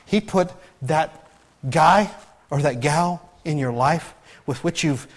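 A man preaching a sermon as pastor, animated and emphatic, with frequent restarts and loud peaks. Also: a little high, slow.

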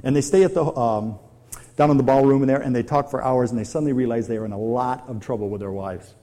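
A man's voice: mid-range voice, fast, mellow. A middle-aged man preaching a sermon, conversational and full of questions to his audience. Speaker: pastor.

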